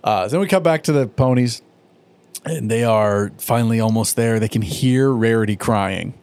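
A man's voice: moderate pace, a little mellow, clean tone. A man co-hosting a casual chat, recapping a cartoon episode with lots of swearing and laughter. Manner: profane, laughing, acts out lines in high put-on voices. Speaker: podcast co-host recapping a cartoon.

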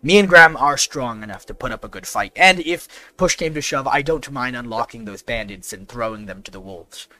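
A man's voice: medium pitch, lively intonation, a little fast, few pauses, pushed and bright, dry recording. A man playing a tabletop game, speaking in character and rallying his companions. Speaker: player. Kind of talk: in-character play.

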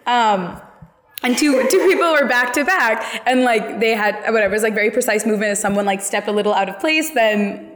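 A woman's voice: fairly high pitch, a little fast, big-room sound, a little hiss or hum. A woman hosting a podcast, telling stories in a chatty way with many "like" fillers. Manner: chatty, heavy use of "like" fillers. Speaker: podcast host. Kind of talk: casual chat.

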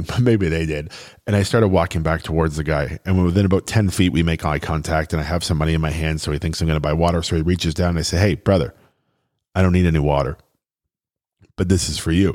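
A man's voice: a bass voice, a little mellow. A man telling a personal story in an earnest, chatty way, with fillers and restarts, at times getting choked up.

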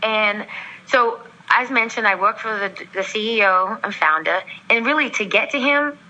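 A woman from Australia, a guest on an interview show, tells a long personal story in an animated way, acting out the voices of the people in it and laughing often. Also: on the high side, moderate pace, highs cut off.

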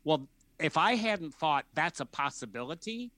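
Bright, dry-sounding male counselor. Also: a little high, sing-song, normal speed, no room sound. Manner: acts out imagined dialogues in different voices. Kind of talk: explanatory conversation.

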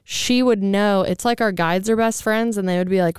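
A woman's voice: medium pitch, normal speed, a little mellow, smooth, no room sound, studio quality. A woman in her twenties hosting a casual chat, rambling with many fillers and casual swearing. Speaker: podcast host.

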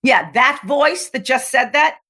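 A middle-aged woman speaking as a guest coach on a podcast, animated and emphatic, often acting out voices. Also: high voice, unhurried. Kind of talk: podcast interview, coaching talk.

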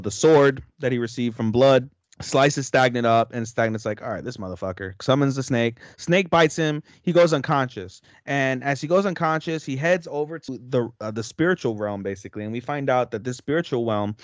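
A man's voice: mid-range voice, no echo. Swearing, rambling male podcast host. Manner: rambling, heavy swearing, slangy. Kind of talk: casual recap chat.

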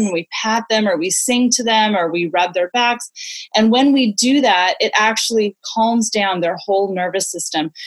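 A woman in her forties, a parenting expert guest, explaining ideas in an earnest, conversational way with many "you know"s. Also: mid-range voice.

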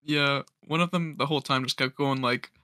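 A man's voice: mid-range voice, fairly even intonation, a little fast, sharp tone, smooth, no room sound, clean studio sound. A man co-hosting a casual podcast, playful and loose, laughing often between lines. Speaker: podcast co-host. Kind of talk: casual chat.

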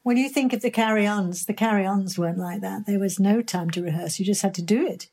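A woman's voice: medium pitch, a little fast, darkish tone. An older woman from Birmingham, an actress being interviewed, answering in a chatty, enthusiastic way. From Birmingham, England. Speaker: actress guest.

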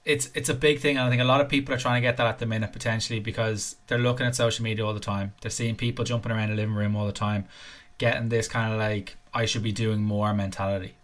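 A man's voice: on the low side, little pitch movement, quick pace, a bit bright. A man hosting a fitness podcast, asking long, rambling questions in a casual chat. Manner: rambling, thinks aloud with fillers. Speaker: podcast host.

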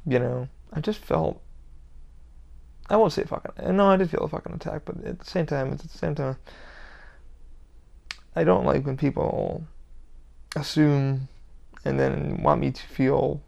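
A man's voice: a little high, unhurried, gravelly, long pauses, a little mellow, highs cut off. A man hosting his own podcast, talking alone in a rambling, emphatic rant full of swearing. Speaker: podcast host. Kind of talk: casual solo podcast rant.

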